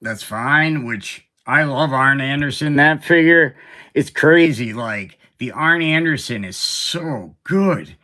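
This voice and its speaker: Male host, bright forceful tone, casual rambling collector chat. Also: mid-range voice, takes it slowly. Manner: rambling and animated, with fillers and side remarks.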